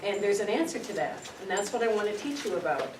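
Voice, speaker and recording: A woman's voice: mid-range voice, animated, quick pace. Middle-aged lady telling stories at a spiritual meetup, heard from far off in a roomy hall with noise behind. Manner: storytelling, earnest, repeats words for emphasis. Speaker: spiritual speaker. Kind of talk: informal spiritual teaching to a group. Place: meeting room. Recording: echoey room, distant mic, noisy.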